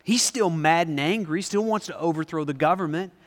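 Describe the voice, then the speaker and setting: A man preaching a sermon to a congregation, animated, asking them questions and acting out scenes. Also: a little high, fairly quick. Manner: animated, asks the audience questions and acts out scenes. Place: large hall before a live congregation. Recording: long reverb in a large hall.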